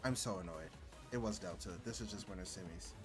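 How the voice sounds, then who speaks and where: A man's voice: low voice, fairly quick, over music. A man streaming and commenting on gameplay in a rambling, exasperated way, full of filler words.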